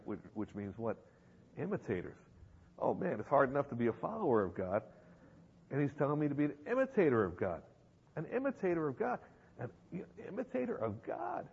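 Speaking at a fairly low pitch, a man with a slightly rough, somewhat mellow voice preaches to a congregation in a church hall. He's emphatic, leaning on repetition and rhetorical questions. The audio is dull and lo-fi, with hall reverb.

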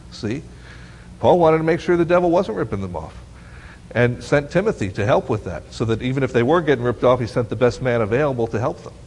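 A man preaching a sermon as pastor, animated and often asking the congregation questions. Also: mid-range voice, breathy edge. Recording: long hall reverb.

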